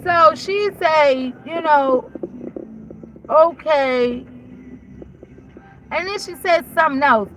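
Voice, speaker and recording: A woman's voice: high voice, slow, long pauses, a bit bright. A woman hosting a casual monologue, retelling an argument bluntly and with heavy profanity. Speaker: host. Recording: noisy background.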